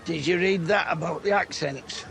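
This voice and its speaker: An actor with a Sheffield accent playing a blunt, crude, middle-aged dad who swears freely in a sitcom. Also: male voice, on the high side, moderate pace, creaky, fairly bright tone. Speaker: father. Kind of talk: sitcom acting.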